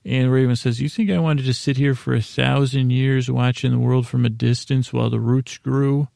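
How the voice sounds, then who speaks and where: A man with a very gravelly, dark voice drifts through a rambling episode recap meant to lull listeners to sleep. He speaks in a flat, even tone, halting often and paraphrasing scenes loosely. The sound is close and dry. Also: medium pitch, dry recording. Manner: meandering, halting, loosely paraphrases dialogue in a casual retelling. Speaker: sleep podcast host.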